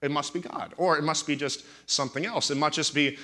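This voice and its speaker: A man's voice: on the high side, fairly even intonation, a little fast, sharp tone. A man in his thirties, a pastor preaching in a talk-show setting, telling stories animatedly and with indignant emphasis.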